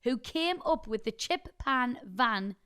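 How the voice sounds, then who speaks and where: A woman's voice: fairly high pitch, expressive, slow pace, pushed and bright, clean tone. Chatty woman podcast co-host. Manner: chatty storytelling, reads listener messages aloud. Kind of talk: casual chat.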